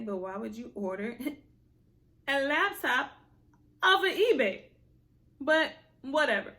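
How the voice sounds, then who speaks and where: Bright-voiced young woman telling a storytime. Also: fairly high pitch. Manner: animated, exasperated storytelling with slang, talks straight to viewers. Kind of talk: casual storytime.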